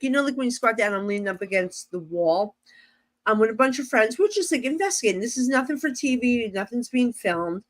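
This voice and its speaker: A woman with a New Jersey accent tells stories in an animated, chatty way, full of fillers and acted-out voices. Her voice sits a little high. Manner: lively, acts out voices, many fillers. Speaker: guest psychic medium. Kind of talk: animated storytelling in conversation.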